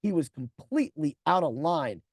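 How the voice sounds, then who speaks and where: A man in his forties tells a personal story on his podcast, blunt and heavy on profanity. His pitch swings widely as he acts out other people's lines. The recording is dry and close, with no room sound. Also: expressive, moderate pace, slightly rough, no echo. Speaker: podcast host.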